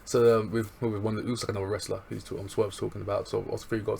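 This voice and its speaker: A man with a gravelly, slightly low voice talks through a show recap in a loose, excitable way. His speech is slangy and full of chuckles. There is a faint hiss behind him. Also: rapid-fire. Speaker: wrestling show reviewer. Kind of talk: casual recap chat.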